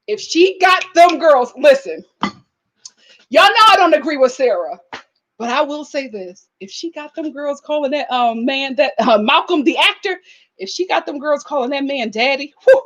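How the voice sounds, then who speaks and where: A young adult woman giving casual, animated commentary on a reality show, with mocking impressions and laughing asides. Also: sits high. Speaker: commentary vlogger.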